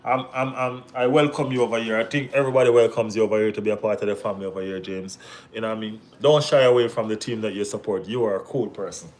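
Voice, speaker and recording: A Jamaican man hosting a casual football watch-along stream, bantering with viewers in relaxed Caribbean slang. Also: fairly low pitch, fast talker. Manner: laid-back banter with Caribbean slang, bursts of excited teasing. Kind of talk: casual live-stream chat reading viewer comments.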